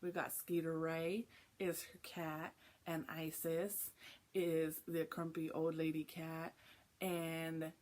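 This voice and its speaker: A woman's voice: low-pitched, level tone, darkish tone. Rambly chatty woman vlogger. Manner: rambling, lots of "like", quick asides. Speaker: flosstube vlogger. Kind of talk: casual chatty storytelling. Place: home, early morning.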